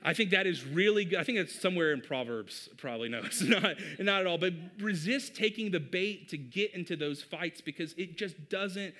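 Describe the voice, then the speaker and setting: A man's voice: high voice, animated, moderate pace, few pauses, sharp tone. A man in his thirties, a pastor giving a conversational sermon and often addressing the congregation as "you guys".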